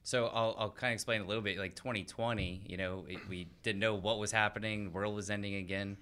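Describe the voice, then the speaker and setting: Lively low-voiced male podcast guest. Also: quick pace, clear, resonant tone. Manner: animated, acts out the people in his stories with raised voice. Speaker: podcast guest, loan officer. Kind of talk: casual storytelling in conversation.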